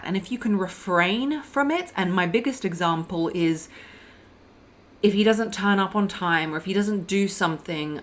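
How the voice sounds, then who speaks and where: Blunt woman giving dating advice, low voice. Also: fairly bright tone, slight background noise. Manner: blunt, emphatic, addresses listeners as "my loves" and "girl". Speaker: dating coach. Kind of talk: direct advice monologue.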